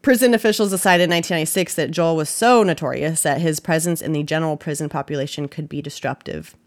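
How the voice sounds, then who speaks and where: A woman hosting a true-crime podcast in a relaxed, chatty way. Her voice sits a little low, and she is blunt and swears freely, laughing as she runs through the facts. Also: fast. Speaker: podcast host.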